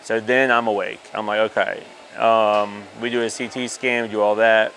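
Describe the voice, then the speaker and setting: A man's voice: fairly low pitch, level tone, moderate pace, a bit bright, a little hiss or hum. A man, candidly telling a personal story in an interview, with many fillers. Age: 30s.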